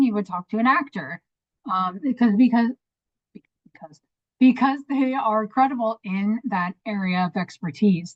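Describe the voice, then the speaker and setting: A woman's voice: mid-range voice, no room sound, dull audio. A woman English teacher giving a casual online lesson, chatty, with many ums and stumbles over hard words.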